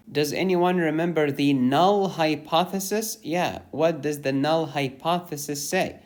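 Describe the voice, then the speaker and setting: A man teaching a statistics lesson, explaining while drawing graphs, with playful asides. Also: fairly high pitch. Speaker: medical educator. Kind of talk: lecture over drawn slides.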